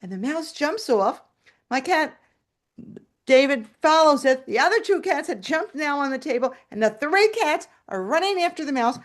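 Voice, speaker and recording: A woman's voice: sits high, moderate pace. A woman telling a story to an audience over a video call, acting out the scenes as she goes. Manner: animated, acts out scenes with shouted quotes.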